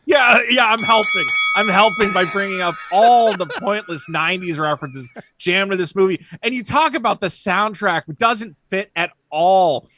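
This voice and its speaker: A man's voice: sits high, normal speed, hardly any pauses, sharp tone. A man, a sarcastic film critic, mocking a movie's lines in a playful debate. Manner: sarcastic, mocks lines in silly voices. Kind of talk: playful debate, arguing a side.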